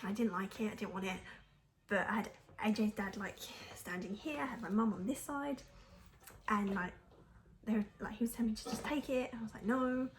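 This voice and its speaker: A woman's voice: mid-range voice, brisk, background noise. A young woman telling a personal story to camera in a frank, chatty way, laughing often and using lots of fillers. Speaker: mum vlogger.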